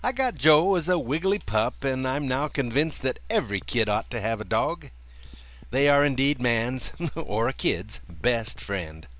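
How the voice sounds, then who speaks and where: An older man telling a personal childhood story in a folksy way, chuckling often as he talks. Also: a little slow. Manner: folksy, chuckling often, lively swings in pitch.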